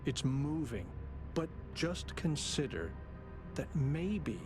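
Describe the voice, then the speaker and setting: An actor voicing a gentle, earnest male robot friend in a video game, speaking softly and sincerely. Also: a little high, sing-song, takes it slowly. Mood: pleading. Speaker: game character. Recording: game music behind.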